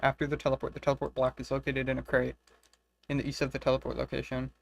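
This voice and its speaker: A man's voice: medium pitch, monotone, fast talker, gravelly. A man casually commenting on a game he is playing, swearing freely and reading the quest guide aloud. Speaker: game streamer. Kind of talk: casual let's-play commentary.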